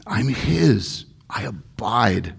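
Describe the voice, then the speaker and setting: A man's voice: lowish voice, big pitch swings, very slow, vocal fry, breathy edge. A male pastor preaching a sermon in an earnest, emphatic way, stressing points through repetition.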